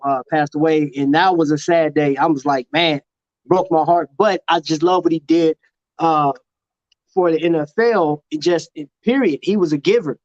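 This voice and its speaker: A man from Chicago hosts a casual live-stream talk show and tells lively stories that he breaks up with laughter. His voice sits high for a man. The sound is dry, dull and lo-fi. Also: no room sound. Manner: animated storyteller, laughs often. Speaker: host.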